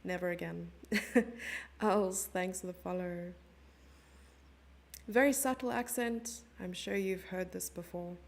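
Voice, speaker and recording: A woman's voice: lowish voice, fairly even intonation, slow, gravelly, pauses often. A young South African woman commentating a chess stream live and chatting with her viewers in a giggly, casual way. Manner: chatty, giggly, reads chat messages aloud.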